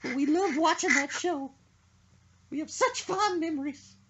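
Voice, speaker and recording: A woman voicing a grief-stricken woman who sobs and wails over her dead pet fish, with a high, sing-song delivery. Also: measured pace, fairly bright tone, dull audio. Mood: tearful eulogy. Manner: wailing, sobbing and singing in a high voice.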